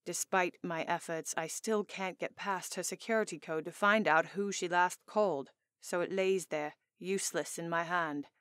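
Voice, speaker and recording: A woman's voice: lowish voice, steady tone, normal speed, few pauses, a bit bright, no echo. A woman narrating a first-person romance audiobook in an intimate, earnest storytelling manner, on a close studio mic.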